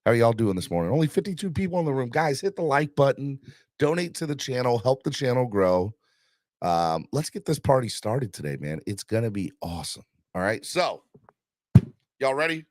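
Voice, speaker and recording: A man's voice: fairly low pitch, lively intonation, a little fast, no room sound, studio quality. A man hosting a casual live-stream sports chat, hyped up, rambling with fillers and pushing viewers for likes and donations. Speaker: livestream host.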